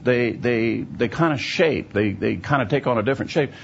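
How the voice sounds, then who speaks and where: A man's voice: medium pitch, moderate pace, gravelly, slight background noise. A man giving a teaching sermon, explaining at length and often checking in with his listeners. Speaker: Bible teacher. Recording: dull lo-fi recording.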